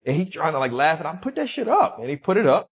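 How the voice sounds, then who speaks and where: A man recounting a personal story as an interview guest, halting and restarting often. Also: a little high, big pitch swings, breathy edge.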